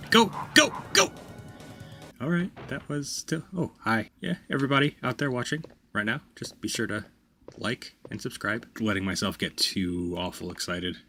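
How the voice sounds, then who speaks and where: A man hosting a let's play, commenting on the game with loud, profane reactions and self-mocking jokes. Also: on the low side. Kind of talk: gameplay commentary.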